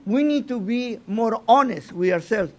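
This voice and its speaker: A man teaching an informal Torah lesson as a rabbi, halting and restarting his phrases and often asking "you know?". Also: very high-pitched, animated, darkish tone.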